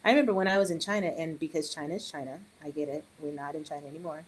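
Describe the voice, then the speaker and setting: A middle-aged woman and early childhood educator, chatting on a podcast in an animated way with joking asides. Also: deep voice, rapid-fire, husky, rough recording. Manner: animated, joking asides, quotes others in raised voice. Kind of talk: casual podcast conversation.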